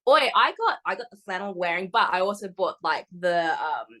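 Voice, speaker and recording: A woman's voice: fairly low pitch, big pitch swings, fairly quick, pushed and bright. A woman, a wrestler chatting as a podcast guest in a bubbly way and laughing often. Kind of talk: casual interview chat.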